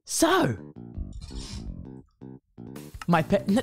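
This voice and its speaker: Young man, livestream host, fake-furious and giggly, unhurried delivery. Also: high-pitched, huge pitch swings, a little mellow, faint music behind. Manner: theatrical mock outrage breaking into giggles. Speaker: streamer. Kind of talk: casual gaming livestream chat.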